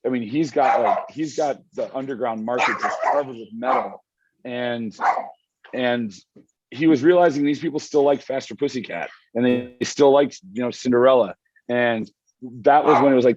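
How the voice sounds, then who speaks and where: Guest, male, mid pitch, chatty and excitable, restarts his sentences, a little muffled over a remote call. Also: moderate pace. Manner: rambling, enthusiastic, frequent restarts. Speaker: magazine editor guest. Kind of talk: casual interview chat. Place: home with dog and wife nearby.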